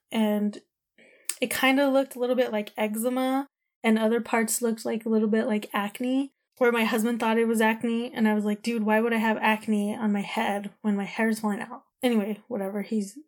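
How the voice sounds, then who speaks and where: A woman in her thirties telling a personal story in a candid, emotional, rambling way, full of "like" and "you know". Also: a little high.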